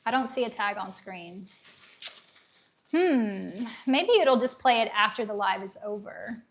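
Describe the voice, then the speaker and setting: A woman's voice: mid-range voice, lively intonation, measured pace, gravelly. A woman from Tennessee with a light Southern accent, hosting a casual livestream in a chatty, upbeat way and laughing easily. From Tennessee, USA. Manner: chatty, upbeat, laughs easily, reads viewer comments aloud. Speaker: livestream host.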